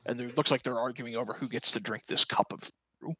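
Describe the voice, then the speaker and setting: A man running a tabletop game as dungeon master, describing scenes in a relaxed way. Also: medium pitch, fast talker, breathy edge, low-quality recording.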